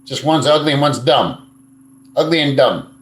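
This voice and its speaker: A man's voice: mid-range voice, expressive, moderate pace, fairly bright tone. Blunt, crude man in an echoey room. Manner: blunt and crude, swears freely, rambling. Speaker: live stream host. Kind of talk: casual live stream chat, reading viewer comments.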